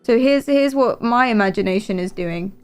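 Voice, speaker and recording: British woman streamer, higher voice, rambling giggly chat. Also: moderate pace, darkish tone, clean tone, soft background music. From Britain. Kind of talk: casual live-stream chat.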